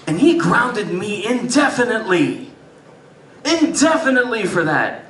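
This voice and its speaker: A man doing stand-up storytelling on a live stage, swinging between loud bursts and muttered asides. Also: sits high, sing-song, unhurried, distant mic. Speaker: stand-up comedian. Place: live music venue stage. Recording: roomy live club sound from afar. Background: audience laughter.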